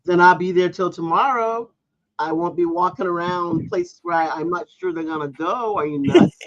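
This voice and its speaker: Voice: medium pitch, animated, moderate pace, dry recording, muffled recording. A podcast co-host in casual chat, telling a story and arguing her point with emphatic disbelief.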